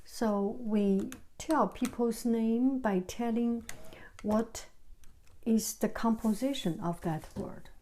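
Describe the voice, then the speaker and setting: A woman teaching how characters are written, speaking softly and often half-whispering as she works. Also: on the high side, takes it slowly, slight background noise, rough recording. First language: Chinese. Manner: soft, often half-whispered while writing. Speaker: calligraphy teacher. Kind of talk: slow explanatory tutorial. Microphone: camera on tripod.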